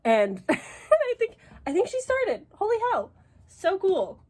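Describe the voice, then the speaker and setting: A woman's voice: very high voice, wildly swooping pitch, slow, darkish tone. A woman chatting casually to camera at home as a reading vlogger, gushing and exclamatory, swearing freely. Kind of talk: casual vlog chat to camera.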